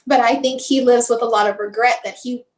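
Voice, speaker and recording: A woman in her forties, a bereaved mother and guest, telling a personal story in a soft, emotional, halting way. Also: on the high side, fairly even intonation, rough recording.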